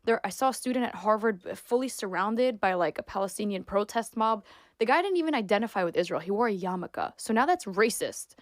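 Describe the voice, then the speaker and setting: An emphatic, indignant young woman talks in quick bursts as a podcast guest. Her voice sits at a middle pitch. It is recorded close and dry, with no room sound. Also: expressive, no room sound. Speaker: guest, sports reporter and influencer. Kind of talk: opinionated podcast conversation.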